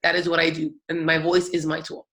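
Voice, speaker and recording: A woman's voice: low voice, completely flat delivery, fairly quick, fairly bright tone. A young adult woman giving a talk, telling her own story in an earnest, emphatic way. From United States. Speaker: public speaker.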